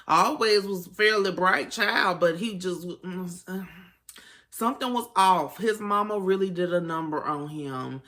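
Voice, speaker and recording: Brief: woman, bright tone, low-set voice, sassy true-crime bedtime storyteller. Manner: sassy, chatty, side-eyeing asides. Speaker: storyteller host.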